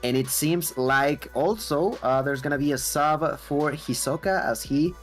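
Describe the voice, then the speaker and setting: Halting, easy-laughing male co-caster. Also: a little high. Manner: halting with frequent fillers, laughing easily. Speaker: esports co-caster. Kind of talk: esports commentary. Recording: faint music behind the voice.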